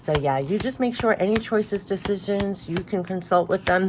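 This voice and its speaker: A woman's voice: medium pitch, moderate pace, noisy background. A woman giving a spiritual tarot card reading, talking in an earnest, emotional, rambling way with many restarts.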